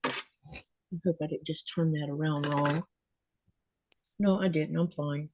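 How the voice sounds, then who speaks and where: A woman's voice: low-pitched, fairly even intonation, measured pace, a little mellow, slight background noise. An older woman hosting a casual livestream chat, greeting viewers by name. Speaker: host.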